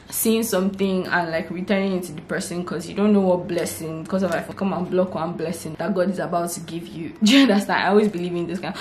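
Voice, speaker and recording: Brief: young Nigerian woman vlogger, low voice, lively chatty storytelling, echoey room. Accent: Nigerian English. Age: 20s. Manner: lively retelling, acting out what people said. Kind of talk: casual storytelling vlog. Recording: roomy echo, faint background hiss.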